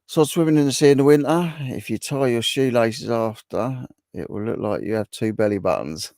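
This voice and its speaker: A man's voice: mid-range voice, normal speed, gravelly, darkish tone, dry recording, studio quality. A man hosting a casual livestream, reading viewer comments aloud and chatting with them in a bantering, repetitive way. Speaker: livestream host.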